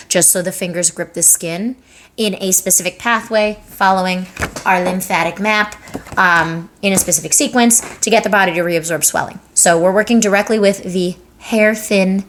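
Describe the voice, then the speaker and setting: A young adult woman giving a casual, chatty lesson as a massage therapist, demonstrating and talking with lots of fillers. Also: lowish voice. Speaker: lymphatic drainage massage therapist. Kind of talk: casual educational explainer.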